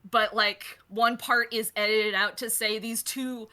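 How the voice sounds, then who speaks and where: A woman's voice: a little high, little pitch movement, measured pace, sharp tone. A woman narrating as game master of a tabletop game, chatty and rambling with lots of fillers.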